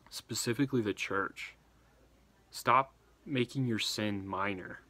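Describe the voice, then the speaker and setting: A man preaching a devotional sermon, earnest and urging, slowing down and dropping almost to a whisper on key words. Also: on the low side, sharp tone, no room sound. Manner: earnest, urging, slows for emphasis.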